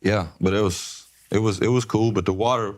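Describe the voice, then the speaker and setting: A man's voice: on the low side, steady tone, brisk. A man telling a funny travel story in casual chat, laughing often as he goes.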